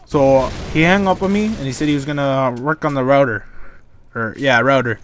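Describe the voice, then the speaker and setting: A man's voice: medium pitch, normal speed, slight background noise. A young man from Canada, telling a rambling, exasperated story over gameplay commentary. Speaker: gaming YouTuber.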